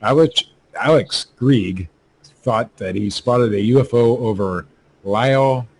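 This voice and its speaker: A man co-hosting a podcast, reading news stories aloud in a halting way with many fillers and laughs. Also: medium pitch, a little hiss or hum.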